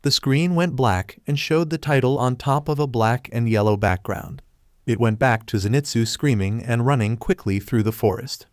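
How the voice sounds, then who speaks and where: A man of middling pitch tells a fan-written story in an even, plain manner. The sound is close and dry, with no room around it. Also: moderate pace, no room sound. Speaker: fan fiction narrator. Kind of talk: scripted story narration.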